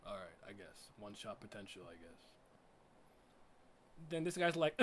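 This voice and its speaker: A man giving a casual reaction commentary as a streamer, laughing and swearing with loud frustrated outbursts. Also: fairly low pitch, sing-song, a little slow, long pauses, a little hiss or hum. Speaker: streamer reacting to an anime episode.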